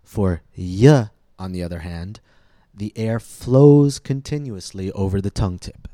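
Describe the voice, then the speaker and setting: A man hosting a scripted pronunciation lesson, speaking slowly and deliberately with careful articulation. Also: low voice, dark tone, no echo, studio quality. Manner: slow, deliberate, clearly articulated instruction. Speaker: host, pronunciation teacher.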